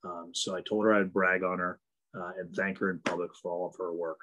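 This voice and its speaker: Very deep-voiced man hosting an awards call. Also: flat delivery, brisk, noisy background. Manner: many fillers, earnest and praising. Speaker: event host. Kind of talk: award ceremony introduction. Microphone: video call.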